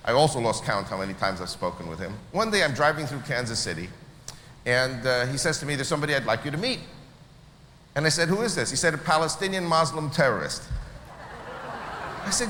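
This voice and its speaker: A man from Israel telling a story to an audience, animated and acting out the people he quotes. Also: medium pitch, a little fast. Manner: animated, acts out quoted voices. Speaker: speaker at a church meeting. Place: large hall. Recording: echoey hall with faint noise.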